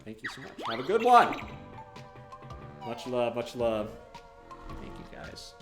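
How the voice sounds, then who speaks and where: A male streamer giving live gameplay commentary, chatty and excitable, breaking into loud outbursts when things go wrong and thanking viewers warmly by name. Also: mid-range voice, a little slow, music in the background.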